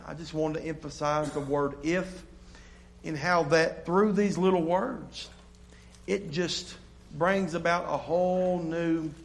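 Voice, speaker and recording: A man's voice: fairly high pitch, vocal fry, slight background noise. A man preaching an evening sermon as pastor, repeating and restarting phrases as he builds emphasis, then leading a closing prayer.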